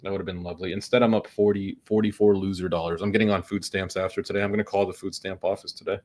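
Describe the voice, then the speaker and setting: A man's voice: sits low, little pitch movement, fast talker, darkish tone. A man streaming his day trading with sarcastic, joking asides while nursing a headache. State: suffering a headache. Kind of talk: casual livestream commentary.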